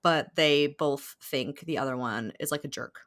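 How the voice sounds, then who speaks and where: Chatty, lowish woman podcast host. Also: moderate pace, fairly bright tone. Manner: chatty, profane, filler-heavy with frequent "like"; laughs while retelling a plot. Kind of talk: casual chat.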